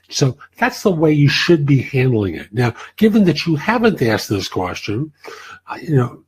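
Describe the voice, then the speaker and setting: A man's voice: fairly high pitch, sing-song, moderate pace, slightly rough, poor audio. A man hosting a career advice show, answering listener questions in a blunt, plain-spoken way.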